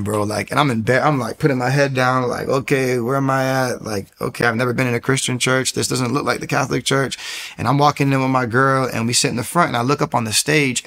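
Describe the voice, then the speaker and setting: A man tells his faith testimony in a casual, storytelling way. His voice has a gravelly, creaky edge at a middling pitch. He acts out the people in his story and often repeats and restarts his words. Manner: animated storyteller acting out quoted voices. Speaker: testimony speaker.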